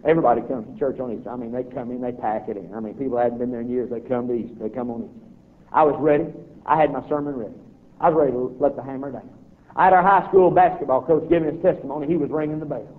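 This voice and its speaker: Animated storytelling preacher, tinny recording. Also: male voice, mid-range voice, racing. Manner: animated, acting out voices and reactions. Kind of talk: humorous storytelling to an audience.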